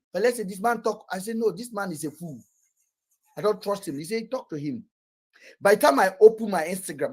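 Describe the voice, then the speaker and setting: A Nigerian man holds forth in a casual chat, blunt and boastful, swearing freely as he tells his stories. His voice sits at a middle pitch with a husky, slightly breathy edge. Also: a little mellow. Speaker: podcast host.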